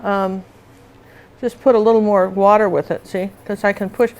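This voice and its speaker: A woman's voice: medium pitch, fairly even intonation, moderate pace, a little mellow, poor audio. A middle-aged woman teaching acrylic painting in a live demonstration, chatty and often asking viewers if they see it.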